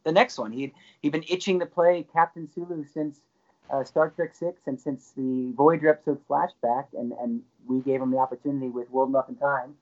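A man guest on an interview, telling an excited anecdote with lively jumps in his voice. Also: a little fast, lo-fi sound. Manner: animated, excited storyteller with frequent pitch jumps. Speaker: guest actor. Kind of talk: casual anecdote storytelling.

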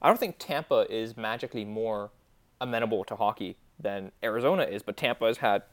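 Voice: mid-range voice, a little fast. A podcast co-host talking casually, with frequent restarts and fillers. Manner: hesitant, many restarts and "like". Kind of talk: casual hockey chat.

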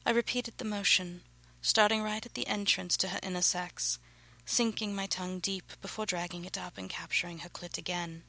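A woman reading her own erotic novel aloud, narrating softly and breathily, often close to a whisper. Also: mid-range voice, fairly even intonation, normal speed, low-quality recording.

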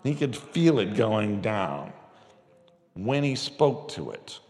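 A man's voice: lowish voice, big pitch swings, slow, darkish tone, in a large hall. A man preaching a conversational sermon, telling stories with acted-out quotes. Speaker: pastor. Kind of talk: sermon teaching with storytelling.

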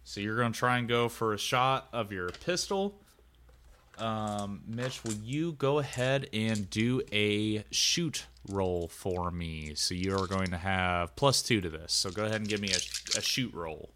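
A man's voice: on the low side, unhurried, bright, forceful tone, slight background noise. A man narrating a tabletop game as game master, talking casually and rambling with lots of filler words.

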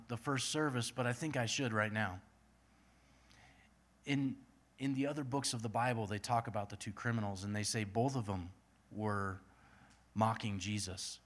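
A man's voice: mid-range voice, a bit bright. A male pastor preaching and praying in an earnest manner, building his points through repeated lists. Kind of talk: sermon.

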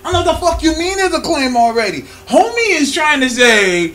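Animated high-voiced man telling a story. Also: normal speed. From California. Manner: animated, profane, laughing while telling a story. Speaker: podcast host. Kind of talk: casual storytelling chat.

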